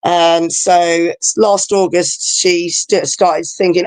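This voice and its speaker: A woman's voice: fairly low pitch, normal speed, darkish tone, dry recording. A woman, chatting over a video call as a guest, rambling and emotional with many fillers.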